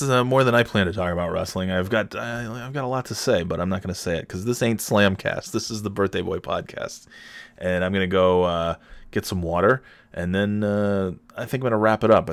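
A man's voice: low-pitched, no room sound. A man hosting a solo podcast, rambling in a loose, profane, digressive way. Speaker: podcast host.

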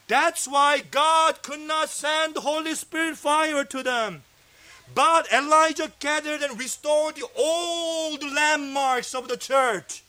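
A man preaching a sermon, fervent and emphatic, sometimes dropping to a low hush. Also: slow. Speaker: pastor. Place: fellowship meeting hall.

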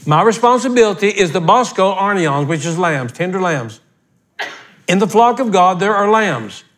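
An older male pastor delivers a sermon in a notably high voice. He talks in a folksy, plain-spoken way and pushes his points bluntly. His delivery swells into emphatic bursts when he presses a point. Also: animated, moderate pace, fairly bright tone. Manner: folksy, blunt, emphatic preaching with rising outbursts.

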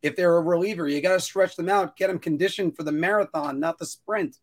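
A man co-hosting a casual talk-show podcast speaks fairly quickly in a voice that sits a little higher than most men's. He's animated and rambling, interrupting himself with stumbling restarts and now and then breaking into sudden bursts of a whiny, high-pitched voice.

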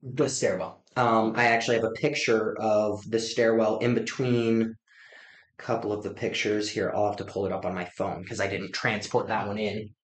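A man hosting a podcast in casual chat, telling stories with lively acted-out reactions, recorded on location inside an old hospital. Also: lowish voice, moderate pace, a little hiss or hum. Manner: animated storyteller, acts out his own reactions. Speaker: podcast host. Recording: echoey room in an old building.

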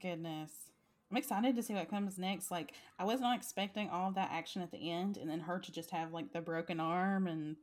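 Animated woman chatting about a book. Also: brisk. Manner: animated, acts out quotes with big pitch jumps, laughs often. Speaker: book podcast co-host. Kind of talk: casual book discussion.

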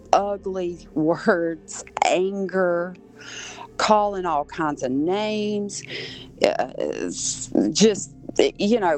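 A woman from Southern Georgia, a podcast guest earnestly telling a personal story and acting out voices she overheard. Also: medium pitch. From Southern Georgia, USA.

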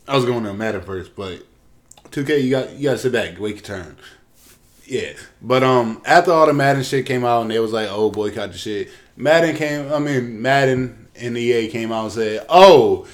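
A man talking in a loose, profane rant full of slang and fillers. His voice sits at an ordinary middle pitch, neither deep nor high, and he keeps circling back to his complaint. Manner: profane, animated ranting with slangy asides. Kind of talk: casual ranting chat.

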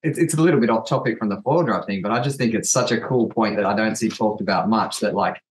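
A man's voice: lowish voice, quick pace, rough recording. A man, a guest from a gear company, asking long rambling questions in casual chat. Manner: rambling, searching questions with restarts.

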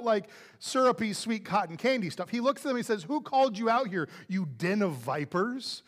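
A male pastor preaching a sermon in a conversational, animated way, acting out quoted lines. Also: high-pitched.

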